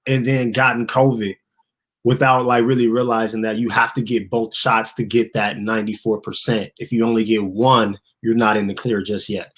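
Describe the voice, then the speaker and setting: A man's voice: lowish voice, level tone, husky. A man co-hosting a talk show, giving blunt, slangy political commentary with the odd laugh. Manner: blunt, laughing, slangy, slows to stress points. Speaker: co-host.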